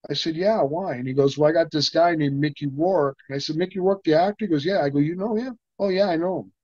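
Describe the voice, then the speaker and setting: A man's voice: a little high, quick pace, a little mellow, dry recording. An older man talks through a long story, with a lot of false starts. He slips into other people's lines as he goes. The sound is dry and a little muffled. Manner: rambling, many restarts, acts out quoted dialogue. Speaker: interview guest, stuntman. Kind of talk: casual anecdotal storytelling.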